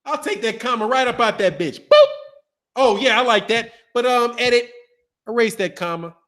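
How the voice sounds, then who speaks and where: High-pitched man, boxing commentator, animated trash-talking rant. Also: moderate pace. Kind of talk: casual rant to camera.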